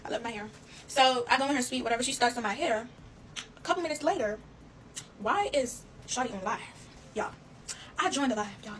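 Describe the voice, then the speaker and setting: Woman vlogger, quick and fairly high, casual storytime, blunt and animated. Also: slight background noise, low-quality recording. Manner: fast, animated, addresses listeners as y'all, swears freely.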